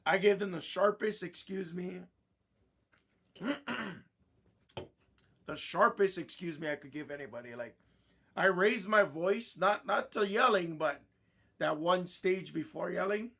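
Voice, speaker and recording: A man's voice: high-pitched, measured pace, long pauses, a bit bright. Irritated man telling a casual story. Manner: irritated, blunt anecdote telling with frequent throat clearing. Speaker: box break host.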